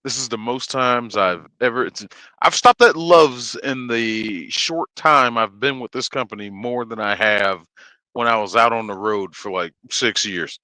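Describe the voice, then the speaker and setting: Bright, lively male trucker co-host, dry mic, animated and jokey. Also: medium pitch, a little slow, no echo, poor audio. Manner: animated, jokey, acts out quotes loudly. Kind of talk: casual livestream chat.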